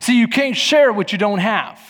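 High-voiced pastor preaching in a hall. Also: male voice, moderate pace. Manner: animated storytelling, acting out voices. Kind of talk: sermon. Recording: long hall reverb.

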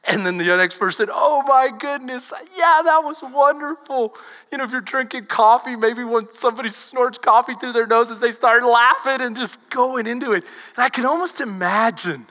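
A woman pastor with a Texan accent, preaching a sermon as lively storytelling that swings from loud to hushed. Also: on the high side, fairly quick, hardly any pauses, long reverb tail.

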